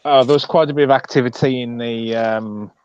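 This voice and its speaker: A man's voice: medium pitch, steady tone, brisk, darkish tone, clear, resonant tone, dull audio. A man co-hosting a casual live stream, easygoing and joking in a dry way. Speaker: co-host.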